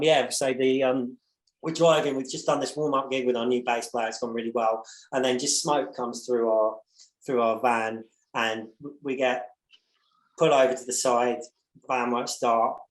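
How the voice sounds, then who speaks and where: A man tells a chaotic tour story, his pitch sitting at a plain middle. He rambles, restarts, and swears casually. His voice sounds roomy and echoey. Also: normal speed. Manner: rambling, profane, animated storyteller with many restarts. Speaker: podcast guest, musician. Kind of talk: casual anecdote telling.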